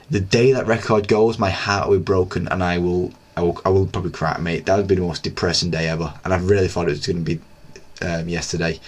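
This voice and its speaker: A young man with a low, deep voice talks through the weekend's football on his own channel. He rambles in a loose, excitable way, full of fillers and asides. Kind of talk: casual solo football recap.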